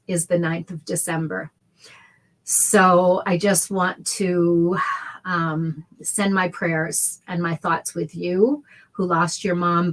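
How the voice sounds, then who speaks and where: A woman's voice: lowish voice, a bit bright. A middle-aged woman hosting a casual sewing livestream, chatty and heartfelt, greeting viewers by name. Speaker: sewing show host. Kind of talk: casual livestream tutorial chat.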